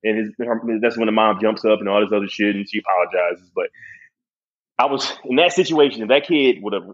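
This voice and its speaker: A man's voice: on the low side, fairly quick, lo-fi sound. A young man telling a story in casual, profane chat, laughing often.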